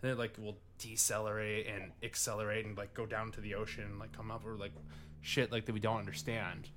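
A man's voice: fairly low pitch, little pitch movement, fairly quick, background noise. Rambling Midwestern man, casual podcast chat. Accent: Midwestern American. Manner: rambling, swearing, many fillers and restarts. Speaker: podcast co-host.

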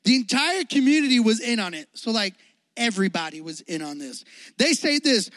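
A man's voice: extremely high pitch, animated, a little fast, a bit bright, no echo. A young man giving a youth sermon in a playful, slangy, joking way, acting out the Bible story. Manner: playful, jokey, slangy, acts out quotes. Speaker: youth pastor.

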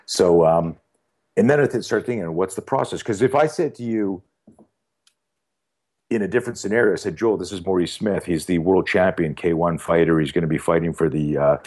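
A man talking as a podcast guest, telling a long story in a casual, animated way with many fillers and acted-out dialogue. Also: deep voice, fairly quick.

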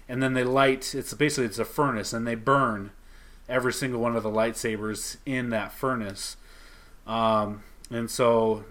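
A man co-hosting a podcast chats casually about a comic, recounting each scene and repeating the characters' lines. He has a fairly bright tone at a medium pitch.

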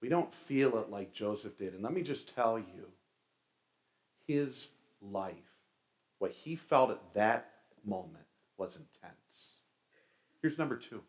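A male pastor preaching a sermon, telling stories with animated delivery and casual asides to the congregation. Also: lowish voice, slow pace, long pauses.

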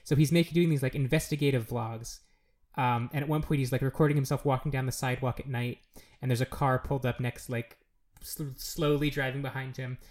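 A podcast co-host chatting casually about a show, rambling with many fillers and jumping up in pitch when amused. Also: steady tone, brisk, darkish tone. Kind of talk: casual chat reviewing a show.

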